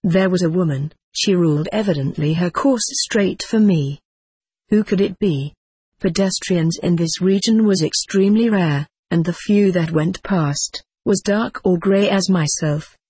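A narrator reading a first-person spiritual story in a measured, solemn and earnest way. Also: medium pitch, a little mellow, slightly rough, dry recording.

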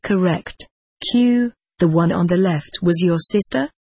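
Husky, low-voiced woman reading aloud. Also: unhurried, darkish tone, no echo. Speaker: narrator. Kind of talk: audiobook reading of a diary.

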